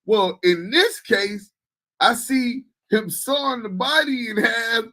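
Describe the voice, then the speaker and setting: Mocking, skeptical podcast host. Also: male voice, very high-pitched, takes it slowly, sharp tone, rough recording. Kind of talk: reaction commentary.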